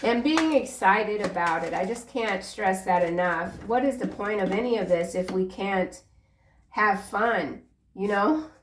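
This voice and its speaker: A woman's voice: medium pitch, normal speed, recorded from a distance, slight background noise. Woman in her forties, tarot reader, chatty and encouraging; slightly off-mic in a roomy space. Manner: chatty, earnest, encouraging, drifts into personal asides. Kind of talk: casual tarot reading monologue.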